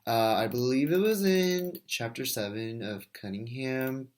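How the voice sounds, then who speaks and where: A man's voice: medium pitch, a little slow, darkish tone. A man in his twenties, a first grade teacher, talking through a class reflection in a casual, thinking-aloud way with fillers and restarts. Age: 20s. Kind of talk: recorded class discussion reflection.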